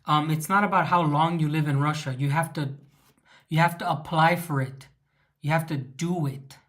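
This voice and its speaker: A man's voice: on the high side, moderate pace, a bit bright. A man from Southern California with a Chicano English accent, hosting a casual livestream Q&A. He rambles, answers viewers' questions and stops to restart his sentences, with many ums. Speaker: livestream host. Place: living in Russia.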